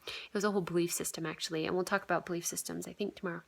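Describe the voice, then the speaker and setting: A woman's voice: lowish voice, steady tone, very fast, gravelly. A woman in her thirties telling a personal healing story in a casual, earnest way, with frequent fillers and a voice that trails into a whisper at the end of phrases. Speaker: vlogger sharing a healing story.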